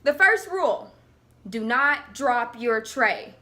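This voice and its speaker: A young woman tells an embarrassing story to her vlog audience. Her voice is bright and forceful, pitched a little high, and she jumps into a different voice for each person she quotes. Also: takes it slowly. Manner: animated, acts out quotes in voices. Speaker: vlogger.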